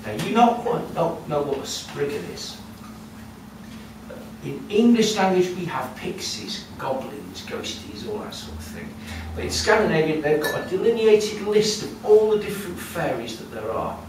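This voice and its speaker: Brief: animated male folk storyteller, higher voice, recorded from afar in a noisy, echoey cafe. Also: normal speed, distant mic. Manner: lively, conversational, with asides to the audience. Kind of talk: live folk-tale telling. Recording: echoey room heard from afar with noise.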